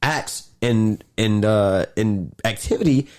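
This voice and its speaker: A young man hosting a podcast, chatting casually in a rambling, animated way with some swearing. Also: on the low side, takes it slowly. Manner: rambling, animated, loose with profanity. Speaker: podcast host. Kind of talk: casual chat.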